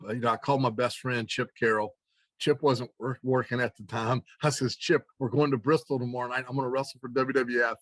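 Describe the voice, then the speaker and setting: A man telling an animated anecdote as an interview guest, acting out the other people's lines and laughing along. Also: medium pitch, no echo. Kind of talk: casual storytelling.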